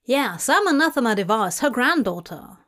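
A cheerful young woman, as a reader voices her speaks brightly and politely. Her voice sits high and lifts when she calls out, in a read-aloud fanfic story. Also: very animated, moderate pace. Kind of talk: fanfic audiobook reading.

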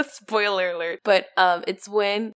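A young woman co-hosting a casual chat, animated and rambling, often laughing and turning teary. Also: medium pitch, slow pace.

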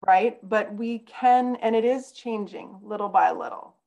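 A woman's voice: medium pitch, measured pace, creaky, darkish tone, rough recording. A woman guest on a podcast, telling a personal story in an earnest, candid way. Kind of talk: casual conversation, personal storytelling.

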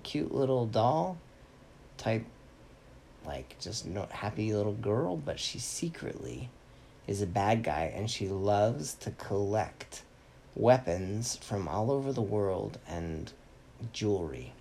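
A man's voice: on the low side, darkish tone, a little hiss or hum, full character voice. A man voicing a wise, friendly male ninja teacher who explains things in a knowing, upbeat way.

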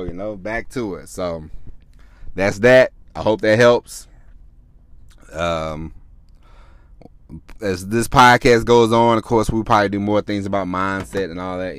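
A man's voice: on the low side, fairly bright tone, dry recording. A man hosting a solo podcast, talking in a loose, rambling way with many restarts and frequent swearing. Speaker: podcast host. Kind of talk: casual solo podcast talk.

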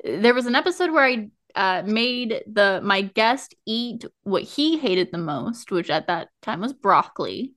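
A woman hosting a podcast interview, talking casually in an expressive, playful way. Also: mid-range voice, unhurried, few pauses. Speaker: podcast host.

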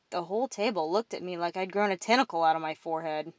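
A woman narrating a first-person novel in a steady storytelling read. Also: lowish voice, fairly quick, hardly any pauses, no echo. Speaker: audiobook narrator.

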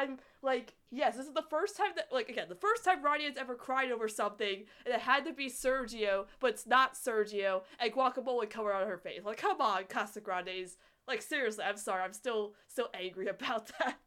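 A young woman with a slightly high, very bright voice, chatting casually about a show. She rants in an animated, exasperated way, leaning on "like" as she goes. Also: normal speed, few pauses. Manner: animated, exasperated ranting with frequent "like". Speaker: podcast co-host reviewing a cartoon. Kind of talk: casual chat.

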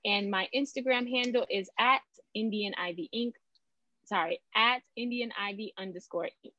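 A woman guest on a podcast, a small business owner chatting candidly and telling lively stories. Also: mid-range voice, moderate pace, no echo, dull audio. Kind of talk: casual interview chat.

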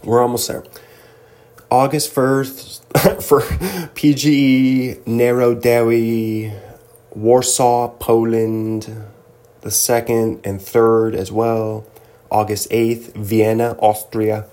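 Slow-talking joking man. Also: medium pitch, little pitch movement, warm tone. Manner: rambling, jokey, slips into mock voices. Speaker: podcast host. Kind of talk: casual solo commentary.

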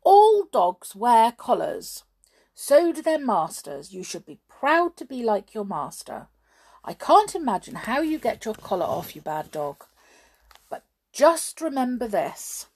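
A woman's voice: fairly high pitch, very animated, unhurried, a little mellow, husky, exaggerated voice. A woman voicing a stern man scolding his dog.

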